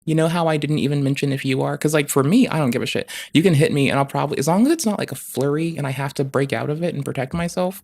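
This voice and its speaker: A live streamer ranting through stream commentary. The voice stays quiet but rushes along, full of swearing and loose asides that wander off. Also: medium pitch, creaky. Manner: talks quietly and quickly; heavy swearing, rambling asides.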